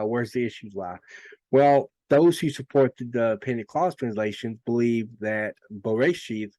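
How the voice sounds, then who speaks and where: Low-voiced man explaining with many restarts. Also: darkish tone, no echo. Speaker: Bible teacher. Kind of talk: informal lecture.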